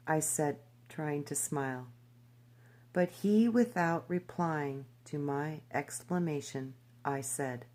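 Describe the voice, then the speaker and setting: A woman reading a historical memoir aloud in a steady, even way, now and then stumbling over names. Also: low-pitched, takes it slowly. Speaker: reader.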